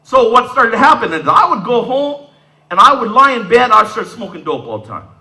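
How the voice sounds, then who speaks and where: Animated, bright-voiced man in his fifties. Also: very high-pitched, a little fast, creaky, low-quality recording. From Southern Ontario, Canada. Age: 50s. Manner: animated, streetwise storyteller acting out scenes. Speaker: speaker giving a talk. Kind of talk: storytelling talk.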